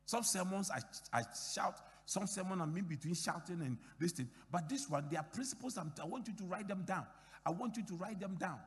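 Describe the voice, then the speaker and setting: A man's voice: sits high, animated, fairly quick, long reverb tail. A middle-aged man from Ghana preaching a sermon as pastor, emphatic, repeating key phrases and acting out dialogue in his stories.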